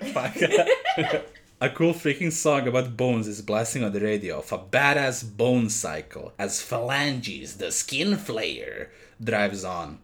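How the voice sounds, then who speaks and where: A man's voice: medium pitch, fairly bright tone. A man hosting a comedy podcast, telling an improvised story in a playful, profane way and laughing often.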